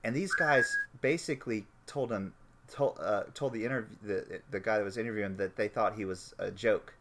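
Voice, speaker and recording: A man with a slightly low voice talks off the cuff in a casual chat. He rambles through his point with many restarts and swears freely, picking up energy when he gets to the punchline. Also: brisk, fairly bright tone.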